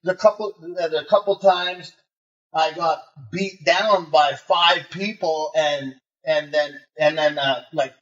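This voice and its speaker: A man's voice: fairly high pitch, takes it slowly. A man telling brash, swear-filled stories as a guest in a casual interview, acting out the voices of people he met. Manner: swears a lot, animated and brash, acts out voices in his stories. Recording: muffled remote call, roomy and distant.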